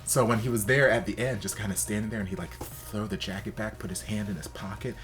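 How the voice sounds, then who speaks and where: A man hosting a reaction video in casual, campy commentary, leaping into high exaggerated exclamations. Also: fairly even intonation, fast, a bit bright, soft background music.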